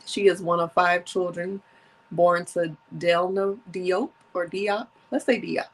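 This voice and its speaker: A woman's voice: lowish voice, level tone, a little slow, poor audio. A woman in her thirties hosting a solo podcast, chatting casually and reading from her notes, with a runny nose from allergies. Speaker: podcast host.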